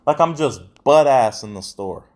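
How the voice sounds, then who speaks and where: Animated, slangy young man ranting. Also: medium pitch, normal speed. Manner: profane, slangy, rambling. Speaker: podcast host. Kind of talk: casual chat.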